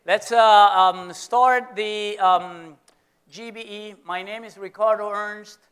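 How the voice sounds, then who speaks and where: A man's voice: sits high, steady tone, slow pace, fairly bright tone, smooth. A middle-aged man with a Venezuelan Spanish accent, a business school professor giving a playful, teasing lecture to students in an auditorium.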